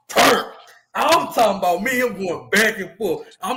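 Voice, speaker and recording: Man, higher-pitched and lively, casual podcast storyteller who stumbles over his words. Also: normal speed, noisy background. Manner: animated, repeats words, acts out quotes. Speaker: podcast co-host and youth football coach.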